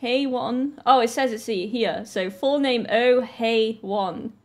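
A woman's voice: on the high side, slow pace, a little mellow. A woman in her twenties from Britain, chatting casually and laughing often as she reacts to a video. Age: 20s.

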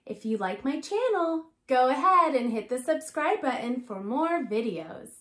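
A woman's voice: high-pitched, sing-song, a little slow, fairly bright tone. A woman reading a picture book aloud to young children in an enthusiastic, child-directed way. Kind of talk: read-aloud storytelling for kids.

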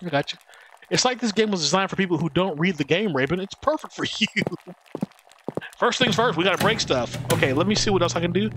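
Excitable streamer guy yelling at his game and reading chat, loud hiss in the background. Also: high-pitched, brisk. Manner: excitable, reads chat aloud, swears. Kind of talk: live gameplay commentary.

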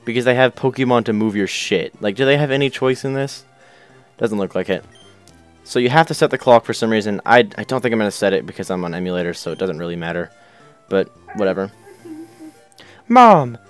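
A man's voice: fairly low pitch, fairly even intonation, fast, smooth, faint music behind. A young man hosting a casual let's play, chatting loosely, swearing and reading game text aloud in silly voices. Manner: goofy, swears, shouts character names.

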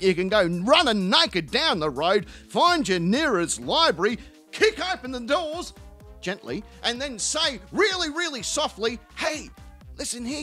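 A man's voice: sits high, bright, forceful tone. A man hosting a commentary channel, delivering a crude, profane, insulting comedic rant.

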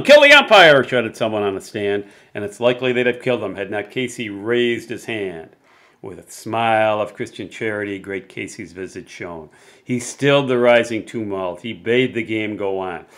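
A middle-aged man presenting and dramatically reciting narrative poems, swinging between loud peaks and hushed lines, with chatty asides in between. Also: normal speed. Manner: theatrical, big swings in loudness and pitch, chatty asides. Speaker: poetry presenter.

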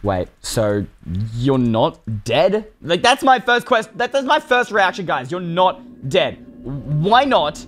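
A young man commentating a game for his channel, excitable and ranting at what happens on screen. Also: a little high, slow pace, soft background music. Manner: excitable, shouts and rants at the game. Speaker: gaming YouTuber. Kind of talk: Minecraft let's play commentary.

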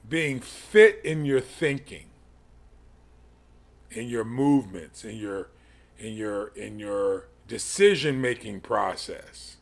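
A middle-aged man gives a sermon-style Bible lesson in a gravelly voice. He talks very slowly, breaking his phrases with pauses and small restarts as he works through his ideas. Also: on the low side. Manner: slow, halting delivery with many pauses and restarts. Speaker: podcast teacher.

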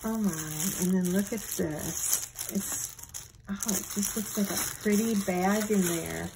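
Woman, middle-aged, gentle, gushing, thankful, unhurried, mellow tone, faint background noise. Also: medium pitch, steady tone, vocal fry. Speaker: channel host opening friend mail. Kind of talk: casual unboxing chat.

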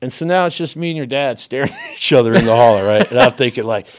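A man's voice: medium pitch, animated, fast talker. A man as a podcast guest telling a story in a casual way, acting out the dialogue he quotes and laughing often.

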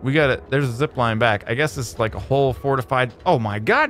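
A man hosting a let's play, giving excitable, jokey gameplay commentary that jumps to high exclamations. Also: brisk, hardly any pauses, slight background noise.

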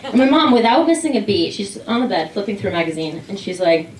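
A young woman doing a stand-up comedy set on a club stage, telling animated stories and acting out her mother and father. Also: medium pitch, fast talker, background noise. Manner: animated storytelling, voices her mother and dad. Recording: roomy club sound from a distant mic.

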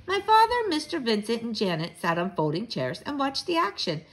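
A woman's voice: on the high side, normal speed, hardly any pauses, rough recording. A woman who teaches fourth grade, reading a children's book aloud to her class from home. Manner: warm teacherly read-aloud, lively. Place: at home, living room.

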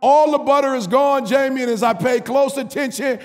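High-voiced, gravelly male preacher. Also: normal speed, hardly any pauses. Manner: animated, repetitive call-and-response preaching. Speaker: pastor. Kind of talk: sermon storytelling. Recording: reverberant hall.

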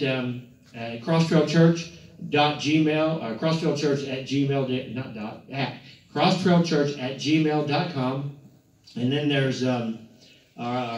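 A man, a pastor rambling through church announcements and a joke, often correcting himself. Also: medium pitch. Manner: rambling, joking, self-correcting. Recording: echoey, distant, muffled, with guitar music.

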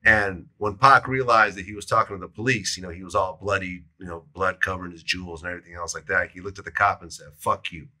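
Very deep, sharp-toned male interviewer. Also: steady tone, quick pace, hardly any pauses. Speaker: interviewer host. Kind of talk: interview chat and storytelling.

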